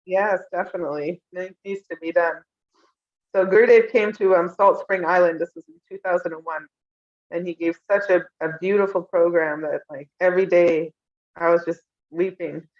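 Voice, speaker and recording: A woman's voice: lowish voice, steady tone, normal speed. Woman, young adult, interview guest, tender, emotional storytelling, muffled lo-fi recording. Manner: emotional, tender, laughs often. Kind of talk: recounting personal memories. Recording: dull lo-fi sound.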